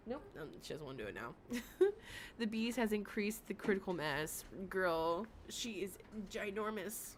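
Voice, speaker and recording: A woman's voice: fairly low pitch, slight background noise. A woman streamer giving casual, chatty commentary on a livestream, laughing often and adding sarcastic asides. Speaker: reaction streamer.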